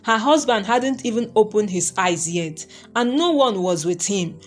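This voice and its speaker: A woman narrating a romantic folktale story in a steady, even reading voice. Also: mid-range voice, a little slow.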